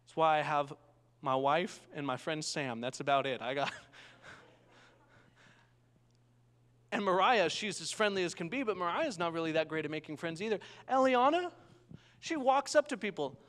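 An unhurried young pastor gives a sermon full of animated storytelling, pausing often to ask his audience for an amen. The reverb of a large church hall stretches out behind a voice that sits fairly high for a man.

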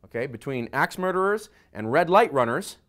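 A middle-aged man, a pastor, preaching a sermon that swings between quiet asides and loud emphasis. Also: a little high, expressive, normal speed.

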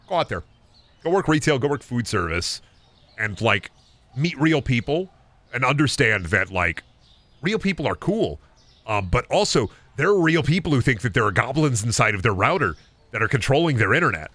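A young man streaming a game, ranting in an animated, rambling way and swearing freely about past retail customers. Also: lowish voice, normal speed, dry recording. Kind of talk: ranting livestream commentary.

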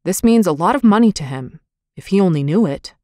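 Brief: woman voicing gruff older gentleman, sharp and impatient, storybook reading. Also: medium pitch, expressive, moderate pace, no room sound, clean studio sound, close to an everyday voice. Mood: brusque. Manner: sharp and impatient, then softening.

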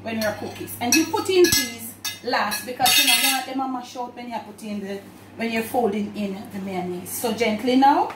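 A woman's voice: on the high side, moderate pace, very noisy. Chatty Jamaican woman cooking at home. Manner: chatty, speaks to viewers as family. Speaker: home cook host. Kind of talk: cooking demonstration. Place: home kitchen. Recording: echoey kitchen, distant mic. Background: clatter of dishes and pans.

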